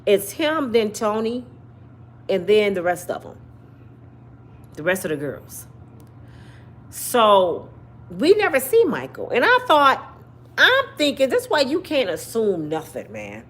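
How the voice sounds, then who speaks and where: Animated woman with a lively pitch. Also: slow pace, long pauses, slight background noise. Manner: animated, talks to viewers directly, repeats and hedges with "allegedly". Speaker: commentary channel host. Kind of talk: casual commentary monologue.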